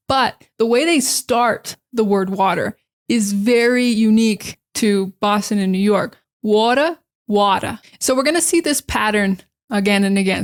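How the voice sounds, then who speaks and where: A chatty woman with a General American accent explains pronunciation in a relaxed teaching vlog. Her voice sits a little on the high side. She keeps saying "like" and repeats single words over and over to demonstrate sounds. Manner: frequent "like" fillers. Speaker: English teacher. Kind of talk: casual educational vlog.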